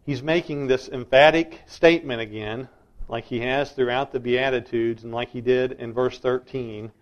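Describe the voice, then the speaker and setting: A man's voice: mid-range voice, steady tone, normal speed, dull audio. A middle-aged man preaching a sermon as a pastor, emphatic and insistent.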